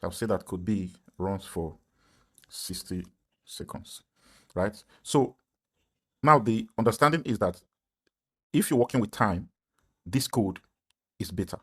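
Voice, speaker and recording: A man's voice: fairly low pitch, animated, measured pace, long pauses, fairly bright tone, slightly rough. A man teaching a programming lesson, explaining step by step and often checking in with "right?". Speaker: programming instructor. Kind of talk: tutorial lecture.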